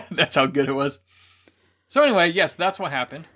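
A man's voice: fairly high pitch, moderate pace. A man co-hosting a podcast, casually telling a racy story with laughs and acted-out quotes. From grew up Catholic. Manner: animated, laughing, acts out quotes. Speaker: podcast co-host.

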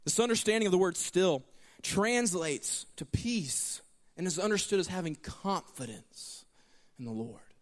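A man's voice: sits high, lively intonation, unhurried, big-room sound. A man preaching a sermon as pastor, telling stories with animation and acting out the lines he quotes. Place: church sanctuary.

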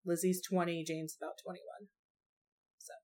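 A woman's voice: lowish voice, little pitch movement, normal speed, darkish tone. A young woman chatting casually about film adaptations, talkative, full of fillers and casual swearing.

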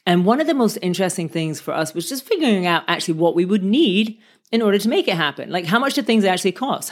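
A woman who makes films and writes books, giving earnest, conversational advice to her viewers and piling up questions as she talks. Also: deep voice. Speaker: filmmaker and author giving advice. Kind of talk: motivational talk to viewers.

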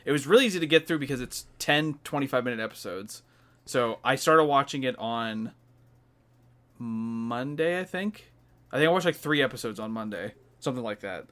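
A man's voice: medium pitch, expressive, normal speed, a bit bright. A man co-hosting a podcast in casual chat, laughing often and swearing as he retells scenes. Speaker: podcast co-host.

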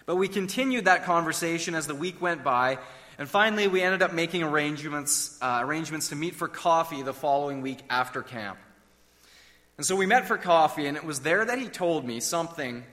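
Bright-voiced man preaching in a hall. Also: fairly high pitch, expressive, fairly quick. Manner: conversational, asks the audience questions. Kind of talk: sermon storytelling.

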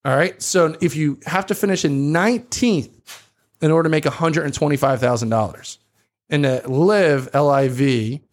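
A man's voice: a little high, normal speed. A man with a South Jersey accent, co-hosting a casual podcast and explaining at length with frequent ums. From South Jersey, USA. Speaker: podcast co-host.

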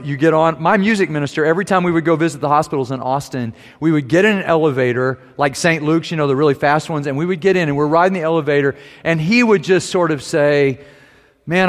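A pastor preaching a sermon, telling stories with humor and shifting his pace and volume. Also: fairly high pitch. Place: church sanctuary. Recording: long reverb of a large sanctuary.

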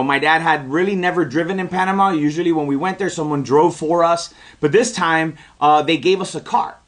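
A man preaching a sermon, telling a personal story in an animated way before building into emphatic preaching. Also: fairly high pitch. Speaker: pastor.

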